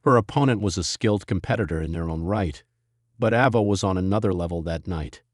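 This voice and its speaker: A man reading a dramatic written story as narrator, in an even storytelling manner. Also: deep voice, a little fast, dry recording, studio quality.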